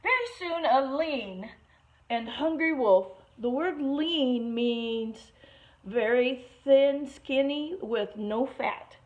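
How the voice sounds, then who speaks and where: A woman teacher reading a picture book aloud to children, expressive and stopping to explain words, on a muffled lo-fi recording. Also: high voice, slow pace.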